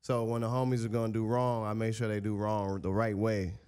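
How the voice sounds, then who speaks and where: A male musician telling stories in a casual interview, animated, acting out other people's lines. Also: lowish voice, brisk, clean tone. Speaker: musician guest.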